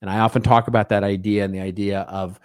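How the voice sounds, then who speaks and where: A man's voice: on the low side, little pitch movement, quick pace, darkish tone. A middle-aged man hosting a podcast alone, talking in a conversational way, tagging his points with "right?" and acting out little quoted exchanges. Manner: conversational, frequent "right?" tags, acts out small quoted exchanges. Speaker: podcast co-host. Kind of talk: solo podcast monologue.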